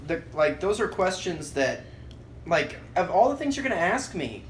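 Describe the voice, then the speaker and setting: A young man co-hosting a casual podcast, reacting with quick, wry comments. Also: high voice, very animated, a little hiss or hum. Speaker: podcast co-host. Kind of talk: casual chat.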